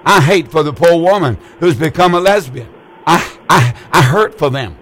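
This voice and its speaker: A man's voice: fairly high pitch, normal speed. A middle-aged man hosting a call-in radio show as a pastor, speaking with a fervent, repetitive preacher's cadence.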